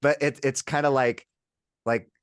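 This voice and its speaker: A man co-hosting a casual film chat, talking in a relaxed, reflective way. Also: mid-range voice, a little slow, smooth, no room sound, clean studio sound. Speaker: podcast co-host.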